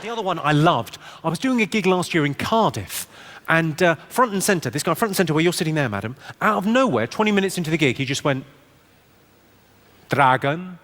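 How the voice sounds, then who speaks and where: High-voiced deadpan comedian. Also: male voice, fast talker, big-room sound. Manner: deadpan, playful, slips into accents. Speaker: stand-up comedian. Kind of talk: stand-up comedy set.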